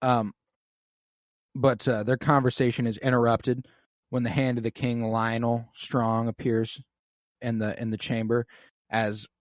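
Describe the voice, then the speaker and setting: A man's voice: medium pitch, measured pace, long pauses, dry recording, studio quality. Profane, chatty male podcast host. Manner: profane, animated retelling. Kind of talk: casual recap chat.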